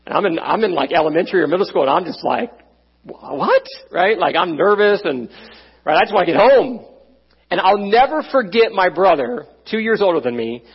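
High-voiced husky man preaching. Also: expressive, a little fast. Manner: conversational, frequent "right?" asides. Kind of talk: sermon with personal story. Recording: dull, muffled sound.

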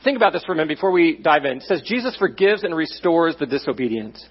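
A man preaching a sermon as pastor, animated and conversational, often checking in with his listeners. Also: fairly high pitch, fast talker, husky, lo-fi sound.

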